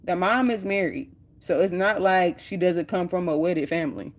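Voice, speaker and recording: A woman's voice: fairly low pitch, normal speed. A woman vlogger telling a story in a chatty, slangy way and acting out the quoted lines. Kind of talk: casual storytime retelling.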